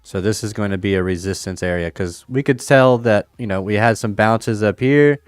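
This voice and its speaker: A man's voice: on the low side, moderate pace, no room sound, soft background music. A man streaming casually, thinking aloud about crypto charts and a chess game, with playful banter. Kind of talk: casual livestream chat over charts and chess.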